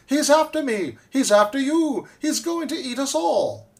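A man voicing a terrified male dentist in a storybook poem, crying out high and loud in panic. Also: very animated, unhurried, heavily acted. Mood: panicked.

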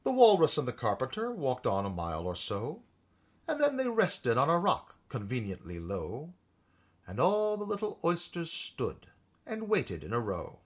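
A man reciting a storybook poem, with a husky voice and a lilting, expressive delivery. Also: medium pitch, moderate pace. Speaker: narrator.

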